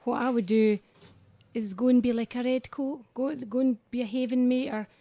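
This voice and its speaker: Scottish woman singer on radio, chatty, laughs a lot, mellowish high voice. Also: steady tone, moderate pace, warm tone, no echo. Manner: chatty, laughs often, self-mocking. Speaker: singer and entertainer, guest. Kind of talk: casual radio interview.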